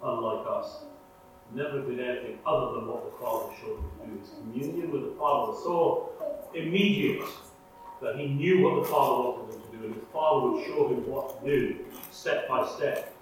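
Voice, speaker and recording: A man preaching a sermon in an earnest way, swinging between loud emphasis and hushed, prayerful lines. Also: mid-range voice, normal speed. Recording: echoey room, mic far off, faint hum.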